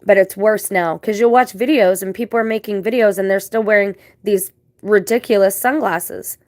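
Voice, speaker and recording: A woman of average pitch talks through a casual vlog, rambling from one grievance to the next in an indignant tone. She drops religious turns of phrase as she goes. The sound is dry, with no room echo. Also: moderate pace, darkish tone. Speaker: vlogger.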